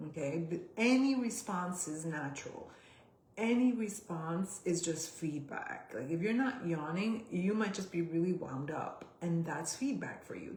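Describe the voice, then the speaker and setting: A woman coach leading a guided body exercise session, giving gentle step-by-step cues and sighing out loud along with the listeners. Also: on the low side, slight background noise. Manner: gentle, slow cues with audible sighs. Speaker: somatic coach. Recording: roomy echo.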